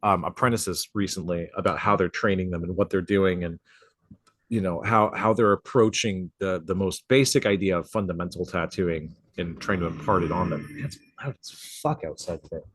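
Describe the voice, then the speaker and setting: A talkative man with a low voice co-hosts a tattoo podcast. He chats loosely, swears freely and laughs often, recorded dry and close with little room sound. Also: fairly even intonation, moderate pace, fairly bright tone, breathy edge, no echo. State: coughing from a drink gone down the wrong pipe. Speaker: podcast co-host and tattoo artist. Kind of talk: casual chat. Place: home studio, outside noise nearby.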